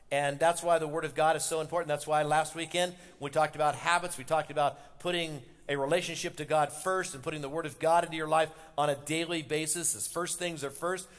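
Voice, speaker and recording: A man, a pastor, preaching a sermon and rising in loudness and intensity as he drives his points home. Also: fairly high pitch. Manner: impassioned, rising loud on the father's words. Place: church sanctuary. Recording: long hall reverb from a church sanctuary.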